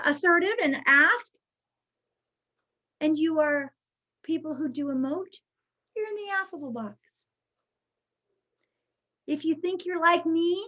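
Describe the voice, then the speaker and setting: High-voiced chatty woman presenting a workshop. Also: bright, forceful tone, highs cut off. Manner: chatty, checks in with frequent "okay?". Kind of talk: online training presentation.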